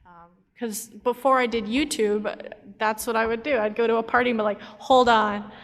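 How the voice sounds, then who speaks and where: A woman's voice: a little high, fairly even intonation, brisk. Chatty woman on a reverberant panel. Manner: chatty, giggly, many fillers. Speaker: animator and YouTuber on a panel. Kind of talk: casual panel chat. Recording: long reverb of a convention hall.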